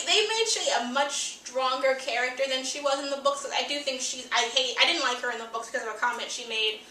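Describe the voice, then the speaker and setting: An opinionated woman recaps an episode in a casual, lively way. Her voice is fairly high and bright. It is recorded in an echoey room with the mic some distance away. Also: slight background noise. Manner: chatty, opinionated, animated retelling.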